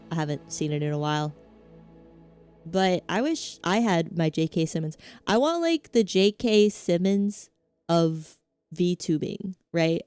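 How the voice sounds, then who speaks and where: Low, mellow Southern-accented woman streamer. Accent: Southern American. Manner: meandering, self-mocking rambling. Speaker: VTuber streamer. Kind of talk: casual gaming-stream chat.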